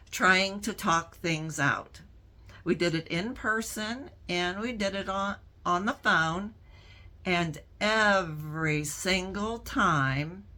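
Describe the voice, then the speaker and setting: A middle-aged woman hosting her own channel, answering viewer questions in a casual talk to camera, speaking in a slow, reflective way with frequent pauses. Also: medium pitch, bright, forceful tone. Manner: slow, deliberate and reflective, pausing often between phrases.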